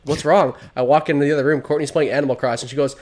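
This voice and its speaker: A man co-hosting a casual podcast, telling stories in an animated way. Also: medium pitch. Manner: animated storyteller, quick to laugh. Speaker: podcast co-host.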